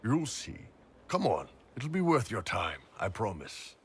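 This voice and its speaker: A man voicing a soldier and commander in a video game, speaking in a steady, assured way. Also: lowish voice, measured pace, heavily acted. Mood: casual. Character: gruff male soldier and commander.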